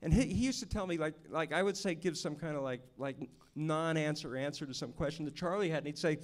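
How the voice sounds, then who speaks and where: Male director at a Q&A, animated raconteur, pitched a bit high. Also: fast. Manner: animated storyteller, acts out the people he quotes. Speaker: film director. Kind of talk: storytelling at a Q&A. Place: stage at a film screening venue.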